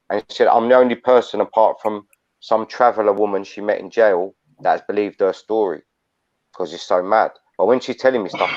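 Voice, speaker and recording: A man's voice: fairly low pitch, brisk, darkish tone. A man hosting a live stream, chatting bluntly and matily with callers and swearing often. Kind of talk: casual chat. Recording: dull lo-fi audio.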